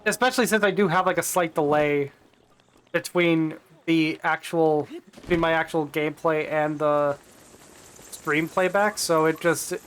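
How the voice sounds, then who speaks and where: A man's voice: on the high side, fairly even intonation, a little slow, fairly bright tone, a little hiss or hum. Rambling man streaming a game. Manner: rambling, self-correcting, chuckles to himself. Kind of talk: casual live-stream commentary.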